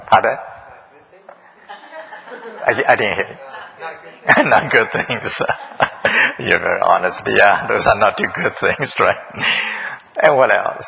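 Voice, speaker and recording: A man's voice: on the low side, gravelly, pushed and bright, husky, rough recording. A man preaching a sermon in a church, questioning the congregation, repeating their answers and chuckling often. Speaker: pastor. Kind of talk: interactive sermon.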